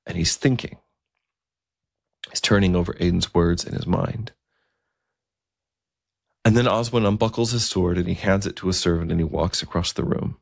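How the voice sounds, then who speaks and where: A man's voice: low-pitched, gravelly, no echo, clean studio sound. A man narrating a story in a conversational way, with occasional fillers.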